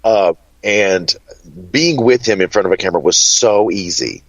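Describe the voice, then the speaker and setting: A man's voice: sits low, lively intonation, normal speed. A man from Kentucky with a Southern accent, telling stories as a guest in a casual interview in a chatty, flamboyant way. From Kentucky, USA. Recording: dull, dry lo-fi sound.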